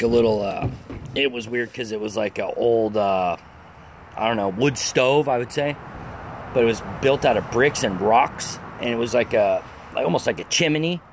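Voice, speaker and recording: A man's voice: medium pitch, gravelly, a little hiss or hum. A man telling a rambling, profane story in a casual vlog, full of fillers and swearing. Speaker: storyteller vlogger.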